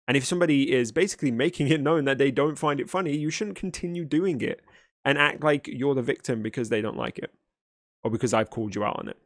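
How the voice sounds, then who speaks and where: A man talking back at a video he is reacting to. He is blunt and exasperated and lectures at length. His voice sits at a middling pitch, and the recording is dry and close. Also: quick pace, dry recording. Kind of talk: argumentative reaction commentary.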